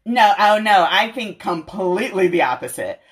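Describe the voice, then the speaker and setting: A woman's voice: medium pitch, lively intonation, normal speed. A young woman hosting a livestream, chatting casually and giggling with viewers. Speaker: livestream host.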